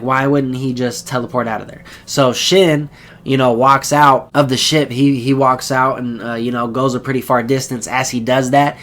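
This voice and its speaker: A man recapping an episode in a relaxed, rambling voice. He talks at an ordinary middle pitch and keeps slipping into quick character impressions before dropping back to plain chat. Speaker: anime reviewer.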